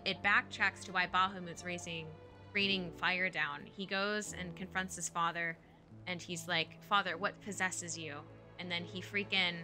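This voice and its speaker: A young adult woman streamer giving an excited, rambling casual recap of a game. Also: lowish voice. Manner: excited, rambling retelling with fillers. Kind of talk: casual let's-play recap. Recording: stream with game music behind.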